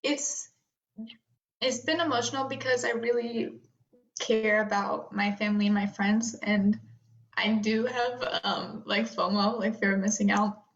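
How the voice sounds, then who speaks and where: A woman's voice: mid-range voice, fairly even intonation, a little slow. Tearful young woman, echoey dull recording. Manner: rambling with many fillers, tearful laughs. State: emotional, close to tears. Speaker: guest. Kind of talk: emotional personal conversation. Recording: roomy, dull lo-fi sound.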